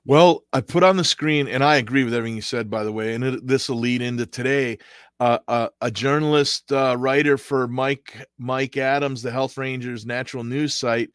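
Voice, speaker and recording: A man's voice: mid-range voice, steady tone, moderate pace, fairly bright tone, no room sound. A man hosting a podcast over an online call, bluntly reading headlines and quotes aloud. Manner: blunt, crude, reads out quotes. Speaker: podcast host.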